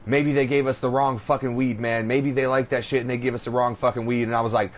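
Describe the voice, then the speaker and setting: A man's voice: medium pitch, fast, hardly any pauses. Profane storytelling male podcast host. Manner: animated storytelling, profane, acts out quotes. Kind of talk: casual chat. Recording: dull lo-fi audio, faint noise.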